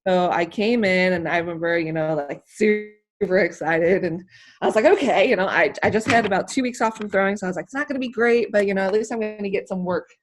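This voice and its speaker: An American woman, a hammer thrower appearing as an interview guest, tells her story in an emotional, animated way. Her medium-pitched voice moves fast, and she rambles with many fillers.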